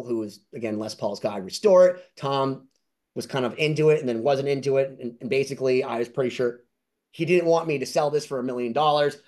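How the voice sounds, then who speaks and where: A man telling excited, rambling anecdotes as an interview guest and collector, acting out other people's lines in high voices. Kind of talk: casual storytelling.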